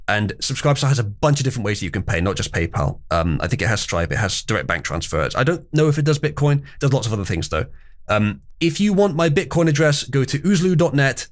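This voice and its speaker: A man's voice: on the low side, big pitch swings, brisk. A man hosting a livestream, chatting casually and rambling with wry asides to his chat. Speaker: livestream host.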